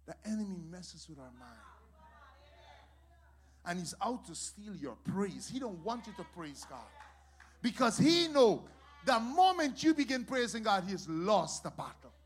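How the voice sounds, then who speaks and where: High-pitched preacher guy, goes from quiet to shouting, kinda sing-song, repeats lines a lot. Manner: repeats phrases for emphasis. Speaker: pastor. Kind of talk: sermon.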